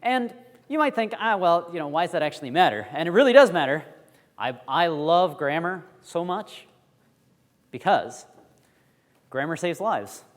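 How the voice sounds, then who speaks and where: Lively man lecturing in a hall. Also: fairly high pitch, moderate pace, pauses often. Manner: lively, quizzes the audience. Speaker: Bible school teacher. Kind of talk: classroom lecture.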